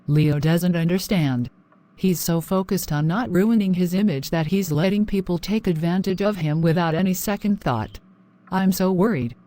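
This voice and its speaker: A woman voicing an anxious, devout wife, lower-pitched and mellow, quoting verses. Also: natural voice. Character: worried wife of a generous man.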